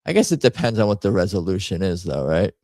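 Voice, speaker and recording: Low-ish guy hosting a chill stream, going through memes, trips over his words, dry close sound. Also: sing-song, fast talker, warm tone, dry recording. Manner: rambling, self-interrupting, wry asides. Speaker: host. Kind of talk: casual livestream chat reviewing memes.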